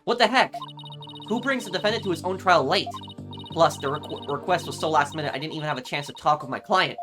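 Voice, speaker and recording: A spirited young female defense lawyer from a video game, brisk and quick to protest, read aloud by a man. She stays upbeat and confident. Game music plays in the background. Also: on the high side, close to an everyday voice.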